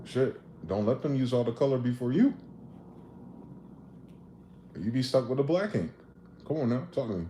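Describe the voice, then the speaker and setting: A man casually riffing on a livestream, profane and animated, acting out both sides of conversations. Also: mid-range voice, moderate pace, long pauses. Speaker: livestream host. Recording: echoey room with faint ambient noise.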